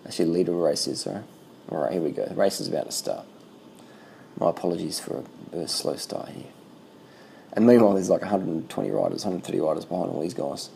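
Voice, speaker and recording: A man giving casual, excitable running commentary over bike race footage, swearing freely and repeating himself. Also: deep voice, fast talker, vocal fry, a little hiss or hum.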